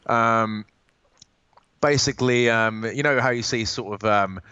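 A man's voice: mid-range voice, unhurried, pushed and bright, smooth, no room sound, highs cut off. A man from England with a posh English accent, talking in a rambling, sweary casual chat as a podcast guest. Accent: posh English, slightly Australian-tinged. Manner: sweary, rambling, repeats words.

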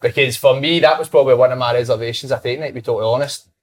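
A man's voice: medium pitch, rapid-fire. A young Scottish man, a football manager, telling stories in casual chat and laughing through them. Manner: animated storyteller, laughs through anecdotes.

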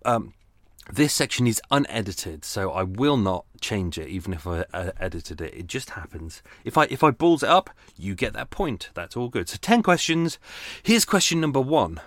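A man's voice: lowish voice, very animated, moderate pace, a bit bright, no room sound, clean studio sound. A man hosting his podcast in a casual, rambling, self-deprecating chat with many restarts. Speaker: podcast host. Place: at home on a boat.

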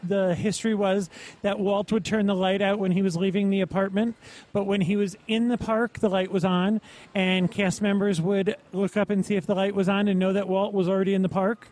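High-voiced man telling a story. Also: little pitch movement, fairly quick, a little mellow. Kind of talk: casual chat, storytelling.

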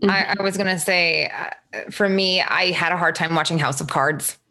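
Woman, talent agent host, friendly questions, slightly low voice. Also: moderate pace, sharp tone. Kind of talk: casual interview.

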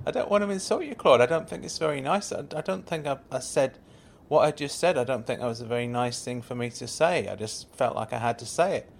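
A man's voice: medium pitch, fast talker, gravelly, hardly any pauses. Stammering, apologetic man in an audio sitcom. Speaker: comic performer.

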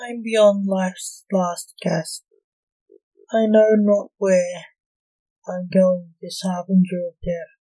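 A woman reading a dark story aloud in a slow, solemn, dramatic manner. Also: medium pitch, level tone, faint music behind, rough recording. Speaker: narrator.

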